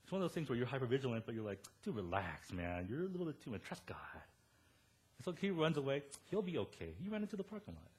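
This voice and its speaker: A man in his thirties preaching a sermon as pastor, animated and storytelling, quoting the people he talks about. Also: medium pitch, quick pace, breathy edge.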